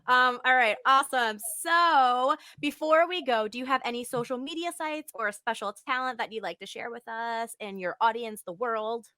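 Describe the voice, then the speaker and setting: A woman's voice: a little high, normal speed, hardly any pauses, bright, forceful tone, clear, resonant tone, dry recording. A young woman hosting a live video podcast interview, bubbly and gushing, laughing often. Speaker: podcast host and acting coach. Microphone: video call.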